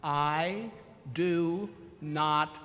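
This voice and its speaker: A male pastor preaching a sermon in a large church, slow and emphatic, stretching out key words. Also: on the high side, a bit bright. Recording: long church reverb, faint room noise.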